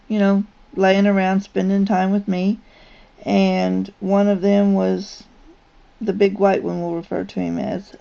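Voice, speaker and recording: Woman vlogger, dark mellow tone, casual and rambling storyteller, full of ums and restarts. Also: medium pitch, creaky. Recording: dull lo-fi recording.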